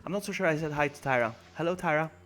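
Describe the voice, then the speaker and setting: A man streaming a game live, greeting viewers by name, yelping when things go wrong and mocking himself. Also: very fast. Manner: excitable, jumps to high yelps when in danger, then mutters low. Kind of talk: live gameplay commentary.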